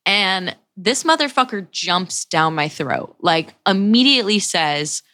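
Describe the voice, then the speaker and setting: A woman's voice: medium pitch, measured pace, no echo. Profane storytelling young woman, dry close sound. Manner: profane, animated retelling with acted-out quotes. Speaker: podcast host. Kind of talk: casual storytelling.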